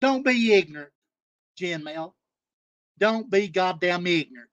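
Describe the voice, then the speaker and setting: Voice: medium pitch, lively intonation, unhurried, a bit bright, dry recording, lo-fi sound. A livestream panel host, ranting angrily and scolding with heavy profanity and repetition. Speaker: live stream panel host. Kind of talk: angry livestream rant.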